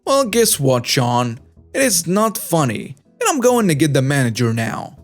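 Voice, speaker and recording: A man's voice: on the high side, big pitch swings, a little slow, faint music behind. A man voicing a snobby, entitled woman shopper who talks in a pushy, demanding way. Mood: threatening. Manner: snobby, demanding, mock-sweet.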